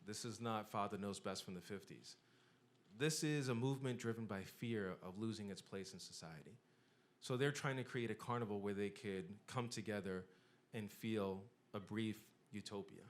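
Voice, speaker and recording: A middle-aged man with a lowish voice speaks at normal speed, giving an impassioned public lecture. He builds rhetorical lists that climb with emphatic rises.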